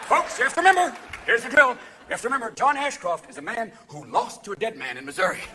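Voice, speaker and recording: A man performing a live stand-up set, firing off manic impressions and sudden shouts. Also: very high-pitched, very animated, quick pace. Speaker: stand-up comedian. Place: theater stage before a crowd. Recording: live audience laughter and noise.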